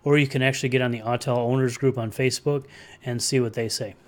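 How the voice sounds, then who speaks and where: A man's voice: mid-range voice, steady tone, quick pace. A man hosting a casual livestream, chatting in a rambling way and answering viewer comments aloud. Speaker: livestream host.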